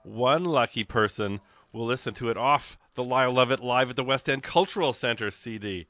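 Excitable man hosting a radio fundraiser. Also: mid-range voice, moderate pace, no echo. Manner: excitable, rambling, jokey. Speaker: radio host. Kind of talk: live radio fundraiser chat. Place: radio studio. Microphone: studio microphone.

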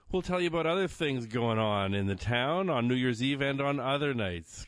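Laid-back man hosting a radio show, low-pitched and dry-miked, rambling with easy humor. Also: no echo. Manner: relaxed and jokey, with frequent "uh" fillers. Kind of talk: casual on-air patter. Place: radio studio.

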